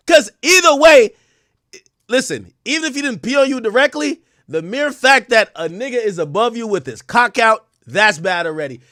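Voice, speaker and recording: A young adult man hosting a live stream, reacting loudly to gossip with profane, animated commentary and frequent laughter. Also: very high voice, moderate pace, no room sound, clean studio sound. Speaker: streamer host.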